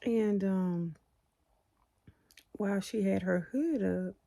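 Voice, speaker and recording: Woman, mellow warm tone, casual spoken testimony, rambling, lots of ums and restarts. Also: mid-range voice, slow pace, gravelly. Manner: rambling, conversational, many fillers and restarts. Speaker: Christian storyteller sharing a testimony.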